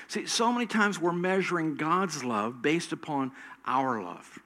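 A middle-aged male pastor preaching a sermon slowly and emphatically, his voice swelling louder at high points.

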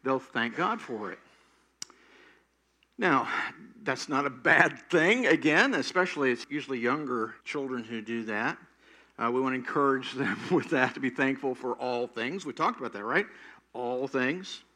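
A man's voice: mid-range voice, lively intonation, normal speed, sharp tone. An older man preaching a sermon, telling stories and acting out quoted prayers with animation. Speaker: pastor.

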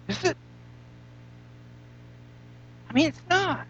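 A man's voice: very high-pitched, big pitch swings, a little slow, pauses often, fairly bright tone, dry recording, poor audio. A man preaching a sermon as pastor, emphatic, asking rhetorical questions and stretching out repeated phrases.

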